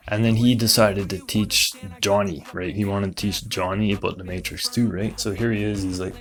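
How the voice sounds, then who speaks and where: Low-voiced man riffing a conspiracy bit. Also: normal speed, few pauses, soft background music. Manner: conspiratorial, deadpan, full of "right?" asides. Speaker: comedian presenting memes. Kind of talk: comedic rambling monologue.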